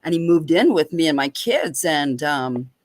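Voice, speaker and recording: A woman with a lowish voice tells a personal story with lively, animated energy. Her delivery is casual and expressive. The sound is dry and close, with no room echo. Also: normal speed. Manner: lively, animated retelling with laughter. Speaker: open mic guest.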